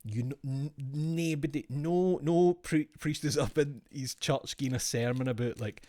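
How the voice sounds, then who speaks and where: A man's voice: medium pitch, unhurried, dark tone, no room sound, clean studio sound. A man streaming, chatting casually in a rambling, profane, jokey way.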